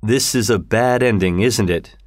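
A man's voice: mid-range voice, animated, moderate pace, no room sound, studio quality, close to an everyday voice. A man voicing a fierce, brooding middle-aged master of the house in an audiobook reading. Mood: stern.

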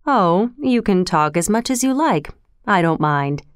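A woman voicing a shy, gentle older farmer who speaks in few, quiet words, in a storybook reading. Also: on the low side, animated, a little slow, no room sound, clean studio sound.

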